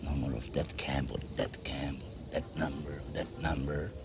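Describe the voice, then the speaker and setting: Brief: a Polish migrant, deep voice, unhurried broken English, film drama. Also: male voice, level tone, background noise. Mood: sombre. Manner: broken English, brooding then boisterous. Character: Polish immigrant man in 1950s Australia, bitter, drinking.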